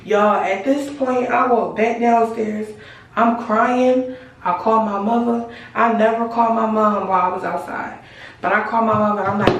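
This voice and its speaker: A woman's voice: on the high side, steady tone, a little slow, far from the mic. A young woman casually telling a slangy storytime vlog, acting out her own heated lines. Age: young adult. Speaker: vlogger. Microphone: camera mic. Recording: echoey room, voice from the mic.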